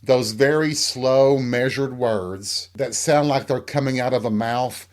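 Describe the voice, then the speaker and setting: A man from Tennessee talks on his own in a loose, candid monologue, with a voice at an ordinary middle pitch. He is frank and pokes fun at himself as he rambles from one story to the next. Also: measured pace. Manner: frank and self-deprecating, rambling. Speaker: podcast host.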